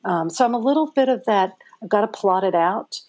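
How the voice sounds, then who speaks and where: A middle-aged woman, an author being interviewed, telling her story in a chatty, animated way with many fillers. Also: mid-range voice, brisk. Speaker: author guest. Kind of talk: conversational interview answers.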